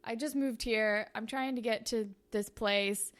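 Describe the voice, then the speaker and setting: A woman's voice: fairly high pitch, fairly even intonation, measured pace, close to an everyday voice. A woman acting a lost, flustered young newcomer. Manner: anxious, wide-eyed questions.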